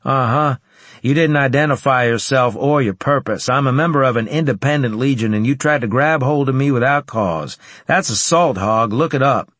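A man voicing a brash young male soldier who talks in a cocky, loud and direct way, in a dry studio recording. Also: mid-range voice, normal speed, no room sound, pitched above the performer's own voice, close to an everyday voice. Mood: bold.

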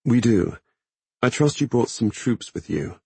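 Brief: a man doing a raised, husky voice for a tired, commanding woman in an audiobook, cool and clipped. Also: mid-range voice, lively intonation, unhurried, a little mellow, no room sound, pitched above the performer's own voice, exaggerated voice. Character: weary, commanding woman spy leader.

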